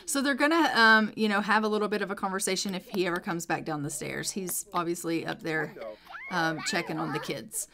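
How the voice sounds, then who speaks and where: A young adult woman with a lowish, fairly quick voice narrates a life-simulation game over crowd noise. As a let's play narrator she tells the story casually, using frequent fillers.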